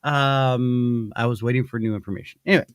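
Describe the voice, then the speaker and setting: This male podcast host speaks briskly at medium pitch with a steady, smooth tone and no room sound. His sponsor spot comes out as casual, rambling, playful chat full of self-interruptions and restarts.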